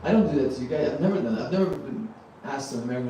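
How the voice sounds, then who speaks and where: A man in his thirties from Germany doing a stand-up set in a small club, loose and halting with plenty of ums and frequent laughter at his own jokes. His pitch rises and falls in a lively way. The sound is very roomy and distant, with a faint hiss underneath. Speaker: stand-up comedian. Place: small comedy venue.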